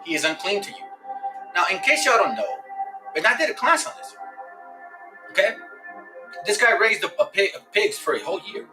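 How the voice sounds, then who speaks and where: Male commentator, animated delivery, casual scripture teaching, music bed underneath. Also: high voice, poor audio. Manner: lively, conversational, explains with examples.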